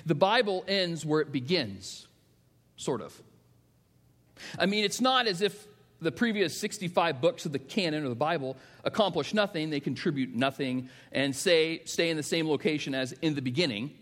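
A middle-aged male pastor preaching a sermon, telling stories that swing from hushed to emphatic. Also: on the high side, animated, moderate pace. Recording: long reverb of a large hall.

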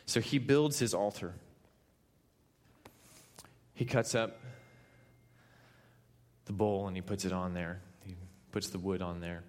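A man from Kansas preaching a sermon, retelling a story with animated, playful asides. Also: low-pitched, slow, long pauses, in a large hall. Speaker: pastor.

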